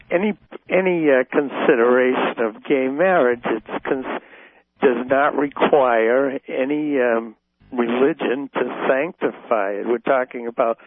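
A man calling in to a radio show, speaking haltingly with many pauses and restarts. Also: medium pitch, dry recording. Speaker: caller. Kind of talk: phone-in call. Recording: tinny phone line.

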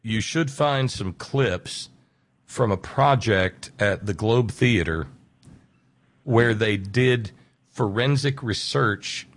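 A man with a fairly low voice who explains things at length. He stretches out key words for emphasis, then speeds through asides. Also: expressive, slow pace. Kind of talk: casual radio conversation.

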